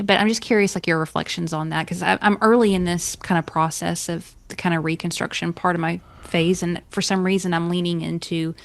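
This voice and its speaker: A woman's voice: lowish voice, creaky. A woman hosting an interview podcast, chatting openly and affirming her guest with frequent agreement. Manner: warm, affirming, frequent "yeah". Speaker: podcast host. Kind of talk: conversational interview.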